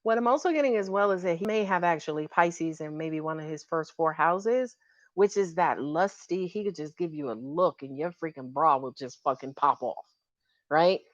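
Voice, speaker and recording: A woman's voice: deep voice, normal speed, no echo, lo-fi sound. Frank, chatty woman tarot reader. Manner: chatty, frank and playful, swears freely. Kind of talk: casual tarot reading to viewers.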